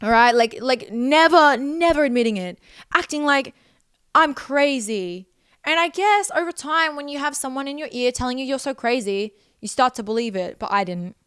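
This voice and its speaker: A young woman with an Australian accent recounts a personal ordeal in an intense, profane way. She repeats phrases for emphasis. Her voice sits fairly high and sounds smooth and clear in a dry, close recording. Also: lively intonation, normal speed, fairly bright tone, dry recording. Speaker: vlogger. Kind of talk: emotional personal storytelling.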